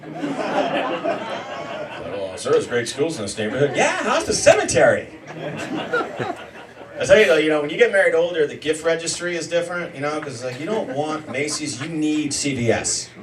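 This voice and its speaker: A man in his forties doing a self-deprecating stand-up comedy set, yelling during some bits. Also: fairly high pitch, brisk. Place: comedy show in a homemade bar. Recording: roomy, mic heard from a distance, noisy room.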